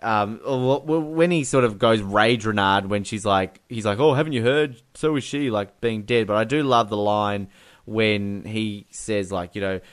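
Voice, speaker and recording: A man's voice: on the low side, fairly even intonation, unhurried, smooth. A man talks through a film scene by scene in casual podcast chat. He laughs a lot and acts out the characters' lines.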